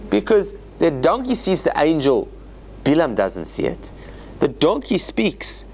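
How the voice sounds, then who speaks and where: A man teaching a Torah study class as a rabbi, explaining scripture in an animated way with joking asides. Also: on the high side. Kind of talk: informal Bible lecture.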